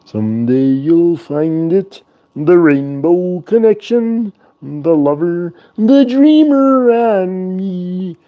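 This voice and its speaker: A man's voice: mid-range voice, big pitch swings, phone-quality sound, voice pushed up. Man putting on a Kermit frog croon. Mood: wistful singing. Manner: slow wistful crooning. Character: gentle singing male frog puppet.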